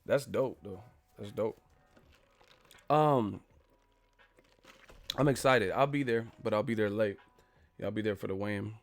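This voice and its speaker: A man's voice: lowish voice, a little slow, long pauses, soft background music. A man hosting a casual boxing live stream, talking loosely and profanely and reading out viewer messages. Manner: laid-back, profane, reads viewer messages.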